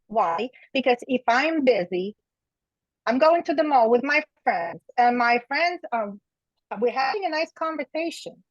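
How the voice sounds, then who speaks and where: A middle-aged woman with a fairly high voice tells a story in lively detail, acting out each voice along the way. Her opinions come across firmly. The sound is dull and muffled, with a dry, close feel. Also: measured pace, no echo. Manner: opinionated storytelling, acts out quoted dialogue. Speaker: author and guest. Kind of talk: conversational interview.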